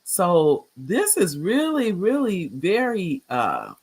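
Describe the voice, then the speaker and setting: Man, 60s, fairly high voice, talk show host, livestream, chatty, rambling, excited greetings. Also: takes it slowly, husky.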